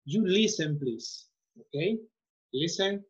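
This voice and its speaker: Slow, husky male English teacher. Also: on the high side, lively intonation, highs cut off. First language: Spanish. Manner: patient, repetitive, slow instructions. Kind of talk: online class teaching.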